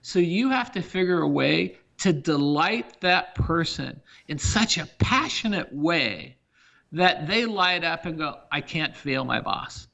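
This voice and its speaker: A man's voice: on the high side, lively intonation, slow, vocal fry, pushed and bright, lo-fi sound. A middle-aged man, a company CEO, talking emphatically through examples as a guest on a business podcast interview.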